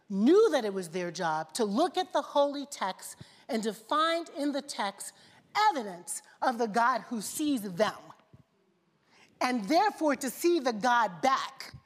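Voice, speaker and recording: A woman's voice: a little high, big pitch swings, measured pace. A woman preaching a sermon with passion, building through rhetorical questions and repeated phrases. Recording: long reverb of a large hall.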